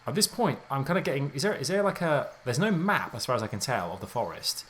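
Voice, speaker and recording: A man giving let's play commentary on a game, excitable and jumpy, thinking aloud in casual slang. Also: mid-range voice, quick pace, slight background noise. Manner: casual slangy talk, says mate and dude. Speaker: gaming YouTuber.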